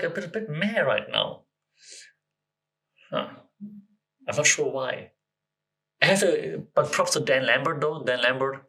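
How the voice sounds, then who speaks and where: Podcast host: a man with a bright, forceful voice at a middle pitch, talking casually and rambling as he thinks aloud. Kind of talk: casual solo podcast chat.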